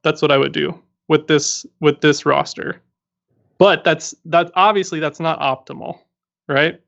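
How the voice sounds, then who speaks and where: Male co-host, slightly high voice, casual explainer, muffled lo-fi stream sound. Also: steady tone, unhurried, gravelly, fairly bright tone. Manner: explanatory, self-correcting, joking. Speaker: co-host giving game roster advice. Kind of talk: casual livestream chat.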